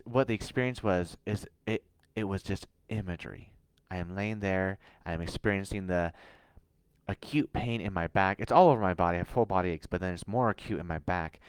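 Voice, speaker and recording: An earnest man coaching his listeners through a recorded live stream, with a reassuring tone. His voice is lively and rises and falls a lot. The sound is dry and close. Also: lowish voice, no room sound. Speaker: host.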